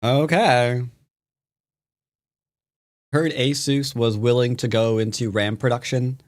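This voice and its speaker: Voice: medium pitch, fairly even intonation, slow pace. An American streamer giving casual, playful commentary over a board game, muttering and humming along. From United States. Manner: playful, muttering, hums to themself.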